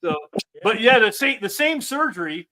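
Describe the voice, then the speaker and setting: Man in his sixties, high bright voice. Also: animated, rough recording. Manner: halting starts, stories about surgeries. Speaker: podcast co-host. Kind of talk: casual chat.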